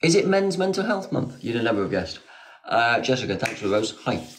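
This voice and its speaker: A man's voice: medium pitch, big pitch swings, a little fast, slight background noise. A man hosting a live stream, reading out comments and answering viewers in a sarcastic, teasing way on a phone mic. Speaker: livestream host.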